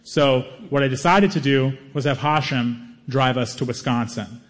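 A man telling a stand-up story, lively, acting out other people's lines. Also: moderate pace, background noise. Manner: animated, acts out other people's lines in higher voices. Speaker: stand-up comedian.

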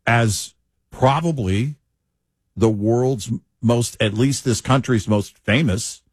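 A man co-hosting a talk show, speaking in a measured, deliberate way with hesitant restarts. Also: medium pitch, slightly rough, dry recording. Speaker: co-host. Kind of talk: opinionated talk-show banter.

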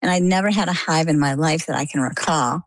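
A woman's voice: deep voice, quick pace, dry recording. An older woman from coastal Maine, guest in an interview, chatty and vivid as she retells events with quoted dialogue. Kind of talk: conversational storytelling.

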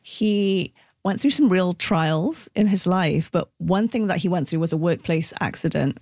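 A woman's voice: lowish voice, animated, a little slow, a little mellow, dry recording. Woman radio host, chatty, upbeat, dry studio sound. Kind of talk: radio hosting and announcements. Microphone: studio microphone.

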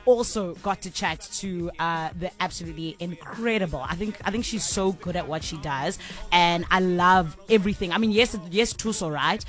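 A woman radio host from South Africa, chatting and telling stories in a lively, playful way. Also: lowish voice, moderate pace, faint music behind. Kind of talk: casual radio banter.

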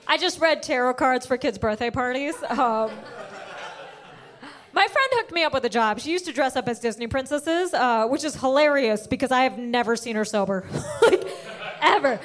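A woman doing a stand-up comedy set, loud and punchy, often laughing at her own jokes. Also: high voice. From United States.

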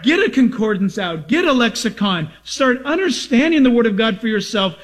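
A man preaching a sermon as a pastor, emphatic and repetitive, asking rhetorical questions and sounding excited and over-caffeinated. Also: very high-pitched, normal speed.

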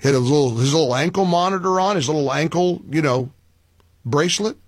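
A man's voice: on the high side, brisk, dry recording. A man hosting a talk radio show, speaking emphatically with sarcastic asides and taking callers.

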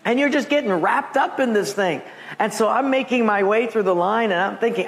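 High-voiced pastor telling stories. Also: male voice, a little fast, gravelly. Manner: storytelling, acts out quoted voices with big pitch jumps. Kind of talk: sermon.

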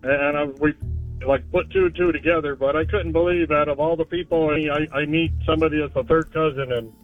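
A man's voice: on the high side, steady tone, a little fast, faint music behind. A man calling in to a radio show, hesitant and full of restarts. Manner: hesitant, many fillers and restarts. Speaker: caller. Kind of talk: phone-in call. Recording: tinny phone line.

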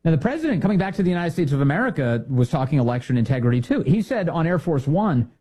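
A man's voice: a little high, very animated, fast talker, mellow, breathy edge. A man hosting a political commentary show, talking in a sarcastic, indignant monologue full of rhetorical questions. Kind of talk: opinionated monologue.

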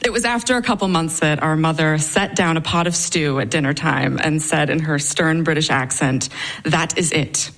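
A woman's voice: sits low, normal speed, hardly any pauses, fairly bright tone. A young adult woman telling a personal story on stage, with a wry, dryly humorous delivery.

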